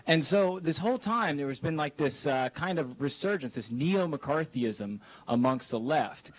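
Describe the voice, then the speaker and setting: A man's voice: on the high side, lively intonation, a little slow. A man in the audience asking a long question, hesitant and rambling.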